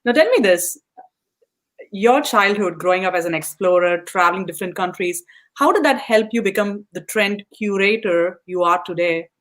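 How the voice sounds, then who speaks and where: A woman's voice: mid-range voice, normal speed, fairly bright tone. A woman hosting a podcast, asking questions in an encouraging, appreciative way. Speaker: podcast host. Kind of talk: interview questions.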